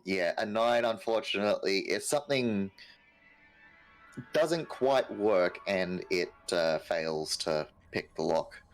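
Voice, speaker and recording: Male game master, deep voice, unhurried, stops and starts a lot. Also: lively intonation, low-quality recording. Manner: halting, many fillers. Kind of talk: tabletop game narration.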